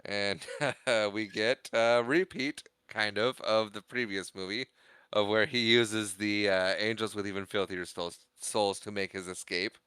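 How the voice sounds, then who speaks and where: A young man chatting casually about a movie on a podcast, his voice bright and crisp. He acts out quotes from the characters and laughs his way through the retelling. The sound is dry and close. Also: on the low side, fairly even intonation, a little slow, no echo. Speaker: podcast co-host. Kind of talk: casual movie recap chat.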